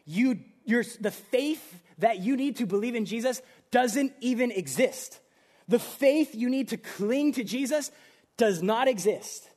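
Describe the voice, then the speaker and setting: A young man preaching a sermon in a casual, animated way, with everyday slang. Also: extremely high pitch. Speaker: pastor.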